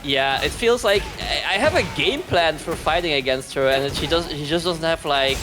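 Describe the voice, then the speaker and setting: A man's voice: fairly high pitch, lively intonation, normal speed, music in the background. A man commentating a fighting game tournament in a casual, rambling way, often sarcastic and laughing.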